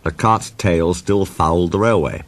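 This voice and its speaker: A man narrating a children's railway story in a calm, measured way. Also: low-pitched, noisy background. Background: music.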